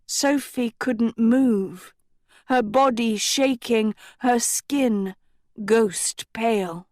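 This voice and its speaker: A woman reads a storybook aloud in a steady, deliberate narration. Her voice sits a little high, and she takes her time over every phrase. The recording is dry and close. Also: no echo. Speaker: audiobook reader. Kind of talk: scripted narration.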